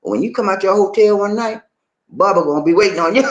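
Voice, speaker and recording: An American man giving casual advice in a vlog, telling animated stories and laughing often. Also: sits high, quick pace. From United States. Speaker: vlogger.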